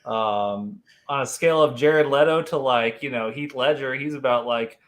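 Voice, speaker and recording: A man's voice: medium pitch, moderate pace, fairly bright tone. Laid-back man hedging on a panel. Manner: laid-back, hedging, says "like" and "you know" a lot. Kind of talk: casual panel discussion.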